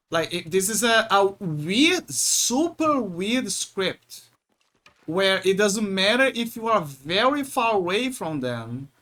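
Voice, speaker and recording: A young man streaming a game, excitable and cursing when frustrated. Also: high voice. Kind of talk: gameplay commentary.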